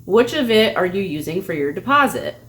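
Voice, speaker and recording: A pushy male online scammer, as a woman reads his messages aloud. His phrasing is clipped and awkward, and he keeps adding "ma'am." The pitch moves a lot, in a middle register. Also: big pitch swings, brisk, a bit bright.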